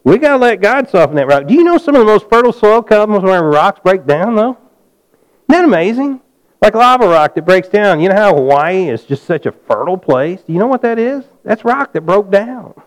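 Animated preaching man, high clear voice. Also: a little fast, low-quality recording. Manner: animated preaching, rising to near-shouts then dropping to a low hush; calls out to the congregation for amens. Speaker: pastor. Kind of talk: sermon.

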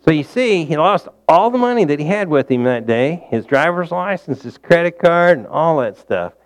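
A man preaching in a relaxed, folksy way, quizzing his listeners as he goes. His voice sits a little high and sounds smooth and clear. He climbs loud and high to hit a point, then drops low and soft. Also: normal speed. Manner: folksy, engages the audience with questions; rises loud and high for emphasis, drops low and quiet for asides. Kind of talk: conversational sermon.

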